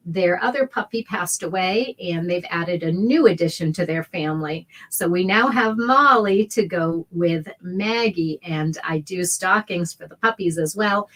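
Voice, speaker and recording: Hosting a relaxed sewing livestream, this middle-aged woman speaks in a lowish, somewhat bright voice. She chats warmly through the tutorial and welcomes viewers by name.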